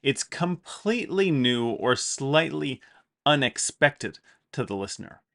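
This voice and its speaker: A man teaching an English grammar lesson, explaining with clear emphasis and repeated example sentences. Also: medium pitch, big pitch swings, a little slow, a bit bright.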